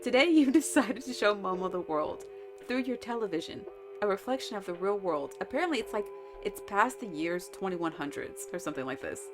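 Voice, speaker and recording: A woman's voice: mid-range voice, animated, a little fast, over music. A woman streaming a visual novel, reading the game text aloud and chatting about it with lots of giggles. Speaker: let's-play streamer.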